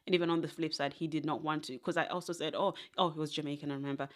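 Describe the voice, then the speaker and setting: A woman's voice: deep voice, steady tone, racing. A young adult woman from Zimbabwe, a podcast guest, chatting casually and wandering through stories with frequent laughter. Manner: tangential storytelling, laughs often. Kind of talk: casual interview chat.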